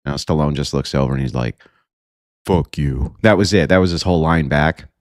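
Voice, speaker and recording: A man's voice: rumbling low, quick pace, dry recording, clean studio sound. A man giving blunt, profane, mocking commentary while reacting to news clips.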